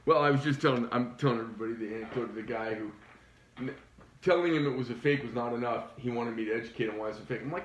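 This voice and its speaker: A man's voice: medium pitch, rapid-fire, a little hiss or hum. A man who owns a knife company, telling a heated, profane story in a blunt ranting monologue. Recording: roomy echo.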